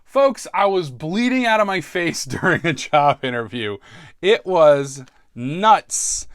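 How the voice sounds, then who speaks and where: A man's voice: a little high, lively intonation, takes it slowly, a bit bright, no echo, clean studio sound. A man talking casually in a rambling, self-deprecating way, often laughing and restarting his sentences, sounding stressed. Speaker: podcast host.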